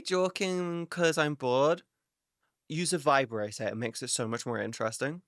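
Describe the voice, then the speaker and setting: A woman's voice: deep voice, normal speed, dry recording, clean studio sound. A woman streamer in a casual live chat with her viewers, ranting animatedly, swearing a lot and laughing often.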